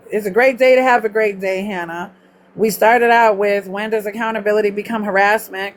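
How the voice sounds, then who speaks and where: A middle-aged woman from Mississippi with a Southern accent, blunt and chatty, swearing freely as she talks to viewers live. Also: mid-range voice. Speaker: livestream host. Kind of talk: casual live chat with viewers.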